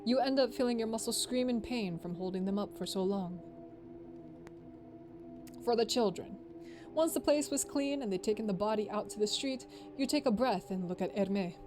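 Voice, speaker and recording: A woman's voice: mid-range voice, normal speed, music in the background. Young woman reading a game aloud. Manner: playful, laughs a lot, does character voices. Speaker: streamer. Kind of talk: reading a visual novel aloud with voices and commentary.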